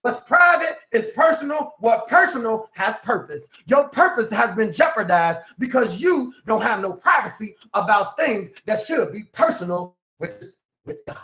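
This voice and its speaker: A man preaching as a self-empowerment life coach, emphatic and swinging from quiet asides to shouts, acting out quoted people. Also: high voice, very animated, normal speed, few pauses. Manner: acts out quoted speakers in exaggerated voices. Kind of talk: preaching motivational talk.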